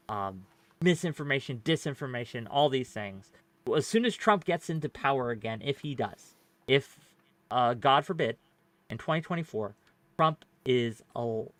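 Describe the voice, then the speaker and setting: A man's voice: mid-range voice, a bit bright, no echo. A man hosting a debate panel, arguing his point at length with lots of fillers, restarts and rhetorical "right?" tags. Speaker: panelist and show host. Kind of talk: casual debate argument.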